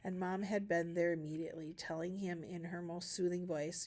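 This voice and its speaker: Low-voiced woman reading a novel aloud. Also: fairly even intonation, moderate pace, hardly any pauses, a little mellow. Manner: storybook narration with small voice shifts for characters. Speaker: reader.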